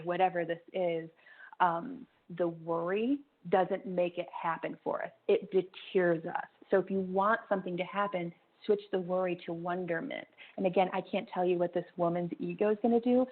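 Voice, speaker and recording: A woman giving slow, reassuring tarot readings to callers on a call-in radio show. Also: on the low side. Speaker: psychic reader. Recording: tinny phone-like call-in radio.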